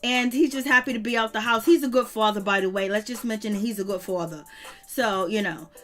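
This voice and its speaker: A woman hosting her channel, giving slangy, animated reality TV gossip commentary and laughing often. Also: mid-range voice, fairly quick, soft background music. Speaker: channel host.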